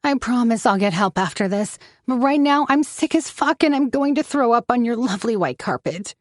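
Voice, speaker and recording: A woman's voice: on the high side, animated, normal speed, no echo, clean studio sound, pitched above the performer's own voice, natural voice. A woman voicing a desperate addicted sister who pleads, then turns bitter, in an audiobook. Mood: begging. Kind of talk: audiobook narration.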